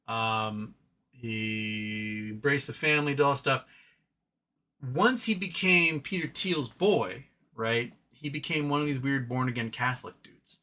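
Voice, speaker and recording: Male livestream host, mid-pitched and sharp-toned, loose and chatty, reading comments and riffing with frequent restarts. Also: a little slow. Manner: rambling, opinionated, drops to a mumble talking to his cat.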